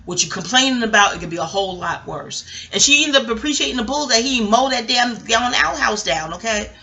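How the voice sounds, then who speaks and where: Woman vlogger, fairly high and sharp voice, cursing freely and rambling off topic. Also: expressive, a little fast. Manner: profane, digressive, talks straight to viewers. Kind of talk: casual rambling storytelling.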